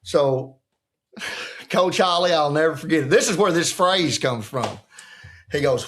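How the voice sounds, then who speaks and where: Lively folksy older male storyteller. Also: on the high side, unhurried, pauses often. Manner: folksy, acts out the quotes of others. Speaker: retired football coach, guest. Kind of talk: casual storytelling chat.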